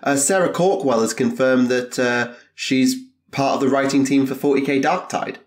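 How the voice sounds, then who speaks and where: A man co-hosting a podcast, explaining things in a measured, hesitant way in casual chat. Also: mid-range voice, fairly even intonation. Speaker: podcast co-host.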